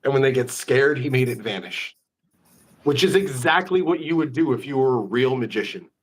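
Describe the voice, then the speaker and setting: A man hosting a casual live-stream interview, an animated storyteller full of quick asides. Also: mid-range voice, slightly rough. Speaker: magician, host.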